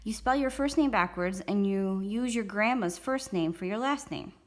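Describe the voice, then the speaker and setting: A woman's voice: medium pitch, moderate pace, natural voice. A woman voicing a cheeky, chatty little boy of about five in a read-aloud story. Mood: eager. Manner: chatty, eager, matter-of-fact.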